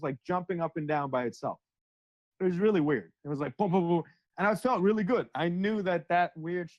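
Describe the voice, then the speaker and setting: A man's voice: a little high, no room sound. A young man casually recounting a spiritual experience in slangy, profane speech, acting out quoted dialogue. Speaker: satsang speaker. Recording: dry, dull lo-fi sound.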